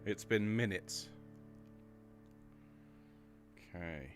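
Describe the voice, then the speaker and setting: Low and very slow, this man's voice comes with music playing in the background. He's a middle-aged choir director leading a livestreamed rehearsal from his home studio, making conversation and welcoming viewers by name.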